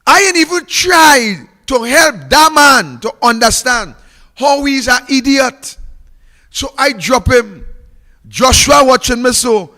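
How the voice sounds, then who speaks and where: A man's voice: very high-pitched, animated, slow, bright, forceful tone, long reverb tail. A Trinidadian man giving a fiery, mocking political speech, repeating phrases for emphasis.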